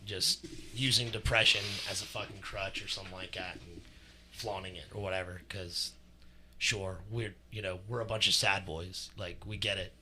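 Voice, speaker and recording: A man's voice: low voice, fairly even intonation, normal speed, sharp tone. A man co-hosting a podcast, ranting bluntly and swearing freely in casual chat. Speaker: podcast co-host.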